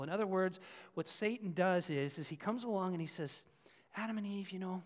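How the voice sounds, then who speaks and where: A man preaching a sermon as a pastor, animated and acting out little voices for parents and children. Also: high voice, a little fast. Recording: long hall reverb.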